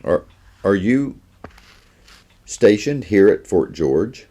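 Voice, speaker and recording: A man voicing a serious, gentle minister, reading from a children's storybook. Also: fairly low pitch, very animated, pitched above the performer's own voice, heavily acted. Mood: earnest. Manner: earnest, measured. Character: earnest male Scottish minister, gentle and serious.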